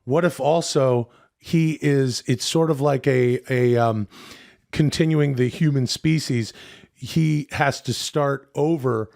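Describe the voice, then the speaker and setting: A man's voice: mid-range voice, slow pace, vocal fry, a little mellow. Rambling male podcast co-host riffing. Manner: rambling, swearing, restarts while riffing. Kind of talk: casual comedic brainstorming.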